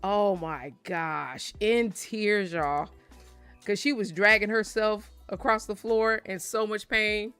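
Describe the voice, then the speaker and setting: A woman's voice: medium pitch, slow, fairly bright tone, clear, resonant tone, faint music behind. A young adult woman vlogger chatting casually and laughing often while opening card packs.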